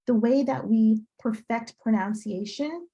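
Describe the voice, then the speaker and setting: Higher-voiced woman tutoring on a call. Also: mellow, highs cut off. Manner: checks in with frequent "okay?"; sounds out letters slowly and repeats them. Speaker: French tutor. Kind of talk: online presentation to parents.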